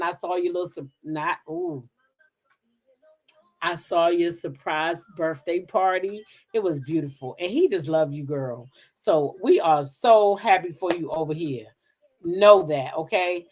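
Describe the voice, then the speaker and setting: A middle-aged woman hosting a gossip channel, chatting frankly with her viewers in a casual live stream, reading their comments and swearing freely. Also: on the low side.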